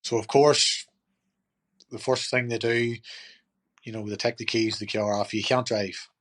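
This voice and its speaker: A man's voice: fairly low pitch, fairly even intonation, measured pace. A middle-aged man, a podcast guest telling his story in a chatty, rambling way full of fillers. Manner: chatty, rambling, lots of "you know" and "turned around and says". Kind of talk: casual storytelling.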